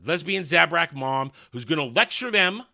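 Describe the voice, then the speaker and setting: A man delivering a blunt, sarcastic review monologue, waving things off with scorn. His voice sits a little high and sounds bright and forceful. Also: lively intonation, normal speed, creaky. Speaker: TV show reviewer.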